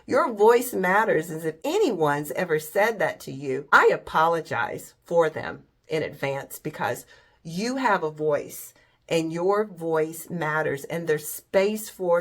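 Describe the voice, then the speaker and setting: A woman hosting a faith-based motivational talk, speaking in a direct, emphatic way and often asking "right?". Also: on the low side. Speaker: host.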